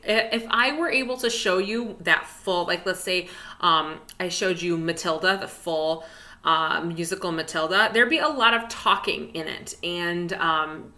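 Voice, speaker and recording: A woman's voice: mid-range voice, sharp tone. A young woman teaching an online music lesson to children, chatty and encouraging, with lots of fillers, at her desk. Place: indoors at a desk.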